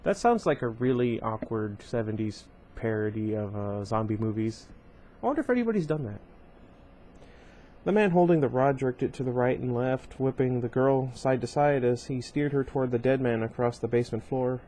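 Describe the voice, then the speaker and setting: A man's voice: mid-range voice, normal speed, dark tone. A man casually reading a novel aloud at home, breaking off often for rambling side comments full of fillers. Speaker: reader of a book series.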